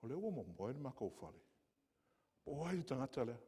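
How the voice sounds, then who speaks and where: Preacher with a lively, swinging voice. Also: male voice, medium pitch, a little fast, background noise. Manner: impassioned storytelling preacher, swinging from hushed to loud. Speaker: pastor. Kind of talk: sermon. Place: church.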